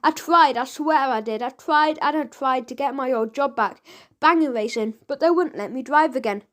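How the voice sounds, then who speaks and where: A woman's voice: sits high, moderate pace, a bit bright. A woman voicing a worried, downtrodden father in debt, pleading anxiously in a storybook reading.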